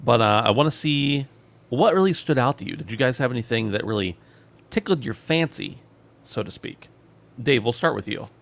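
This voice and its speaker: A man's voice: mid-range voice, lively intonation, normal speed, creaky. A man hosting a gaming podcast, chatting casually and joking around as he runs the show. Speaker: podcast host.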